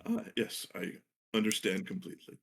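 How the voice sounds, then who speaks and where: A man voicing a courteous, curious older male wizard who speaks in formal, halting phrases. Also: fairly low pitch, huge pitch swings, vocal fry, fairly bright tone, a little hiss or hum, full character voice. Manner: polite, formal phrasing with hesitations.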